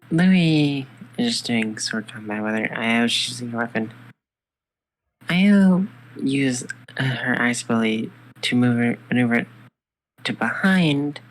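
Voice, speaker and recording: Woman, casual co-storyteller, slow and easygoing, improvising fan fiction. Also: very deep voice, poor audio. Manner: slow, casual, narrates and voices characters loosely.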